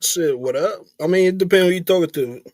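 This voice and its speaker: A man joining a livestream as a guest, speaking in relaxed slang with laughing asides. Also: high voice, brisk, dry recording. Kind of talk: casual livestream banter.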